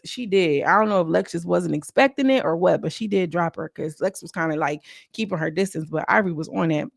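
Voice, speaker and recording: Chatty woman with a gravelly voice. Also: on the low side, dry recording, studio quality. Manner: chatty, slangy, quotes cast members in mocking voices. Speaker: reality show recap vlogger. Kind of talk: casual recap commentary.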